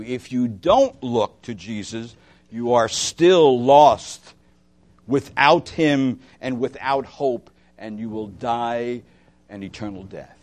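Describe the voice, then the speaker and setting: A pastor delivers an impassioned sermon in a medium-pitched voice, swinging between loud, emphatic lines and hushed ones. He puts direct questions to his listeners.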